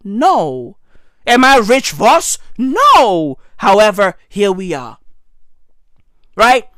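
Woman, high-ish lively voice, profane comic rant, unhurried delivery. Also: no room sound, studio quality. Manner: animated, rambling, profane, keeps saying "bruv". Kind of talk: comedic monologue.

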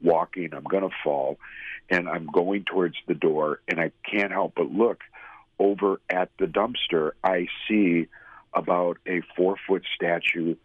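A man's voice: sits low, steady tone, a little slow, no room sound. A man earnestly and emotionally telling his personal story as a guest. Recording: tinny phone-like sound.

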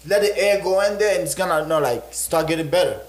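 High-voiced young man in an echoey room. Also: quick pace. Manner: excitable, profane slang, acts out quotes. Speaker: podcast co-host. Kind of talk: casual storytelling chat.

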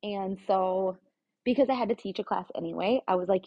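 A woman talks through a candid, confessional monologue in a frank, plain-spoken way, dropping the occasional swear word. Her voice is husky and a little breathy, sitting at an ordinary middle pitch. The recording sounds dull and lo-fi. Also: brisk.

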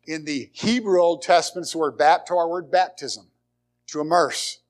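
Preaching as a pastor, this man has a slightly high voice, a steady tone and a moderate pace. His delivery alternates between forceful, loud statements and almost-whispers, with many restarted phrases and repeated words.

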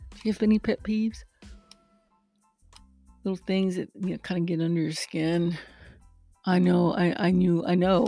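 Chatty woman with a gravelly voice. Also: on the low side. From lives in Texas. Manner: chatty, rambling, animated. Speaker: vlogger and rideshare driver. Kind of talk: casual chat to camera.

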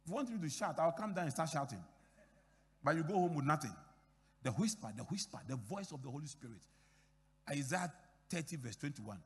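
A man's voice: a little high, in a large hall. A middle-aged man from Ghana preaching a sermon as pastor, emphatic, repeating key phrases and acting out dialogue in his stories.

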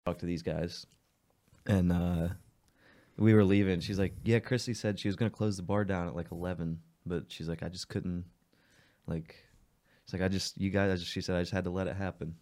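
A young man co-hosting a podcast, telling stories in a relaxed, rambling way with lots of fillers. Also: sits low, a little fast. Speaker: podcast co-host. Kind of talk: casual chat.

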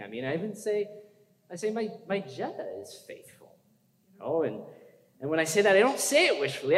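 Guy preaching a sermon, kinda higher voice, big echoey church hall, chatty then pushes hard. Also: a bit bright. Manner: conversational, asks the congregation questions, builds to urgent emphasis. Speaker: pastor. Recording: echoey hall with long reverb.

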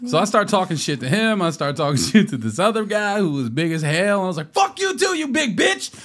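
A man's voice: a little high, animated, fast talker, fairly bright tone. A man co-hosting a podcast, telling a story in casual chat, swearing a lot and acting out what people said. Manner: profane, storytelling with put-on quotes. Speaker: podcast co-host.

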